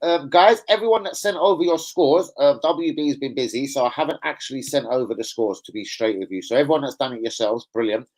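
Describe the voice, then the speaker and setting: A young man hosts a football fan stream, chatting casually in a live reaction format, rambling and swearing with plenty of slang. His medium-pitched, slightly mellow voice moves quickly with few pauses, and the recording is rough.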